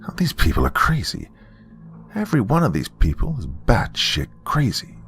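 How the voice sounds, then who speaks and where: A man's voice: lowish voice, huge pitch swings, moderate pace, a bit bright, faint music behind, full character voice. A man voicing a self-centered, entitled young man who mutters irritably in a story reading. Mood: scornful.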